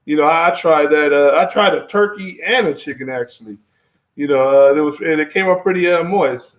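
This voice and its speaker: A man, chatting in a relaxed, rambling way full of fillers and restarts. His voice sits a bit high for a man, and the live-stream audio sounds dull and lo-fi. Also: a little fast. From Texas. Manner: laid-back, many fillers and restarts, reads viewer comments aloud. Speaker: travel vlogger host. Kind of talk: casual live-stream chat.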